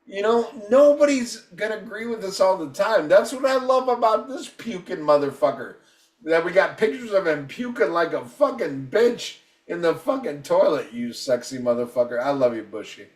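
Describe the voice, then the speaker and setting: A man's voice: sits high, lively intonation, moderate pace, recorded from a distance. A man around fifty ranting on a casual podcast, combative and heavy on profanity. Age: 50s. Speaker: podcast co-host. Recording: echoey room, voice off-mic.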